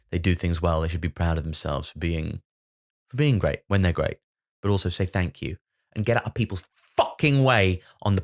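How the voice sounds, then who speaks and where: A man hosting his own podcast, rambling through a sweary, self-mocking comic monologue. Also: low-pitched. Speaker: comedian podcast host.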